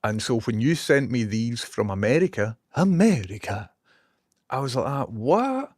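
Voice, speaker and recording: A man's voice: medium pitch, fairly quick, no room sound, clean studio sound. A Scottish man streaming from a small basement room, rambling casually, swearing now and then and reading out viewer messages. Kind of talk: casual live-stream chat.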